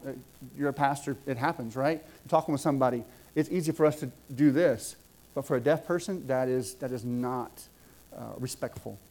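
Preaching in a mid-range voice, this middle-aged Southwest Georgia man swells his lines with emphasis before easing into quiet asides.

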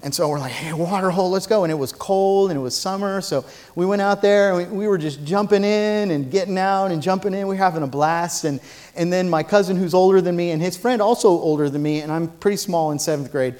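A man with a fairly high voice preaching from a church platform. He tells funny stories, then builds to loud, emphatic preaching. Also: brisk. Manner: storytelling with humor, rising to loud preaching. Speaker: pastor. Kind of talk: sermon.

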